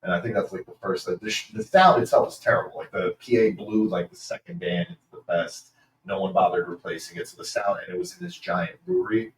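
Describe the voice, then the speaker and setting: A man in a band, telling lively stories in a casual interview. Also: deep voice. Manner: animated storyteller, quick laughs. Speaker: band member. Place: venue after load-in. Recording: echoey room, distant mic, faint noise.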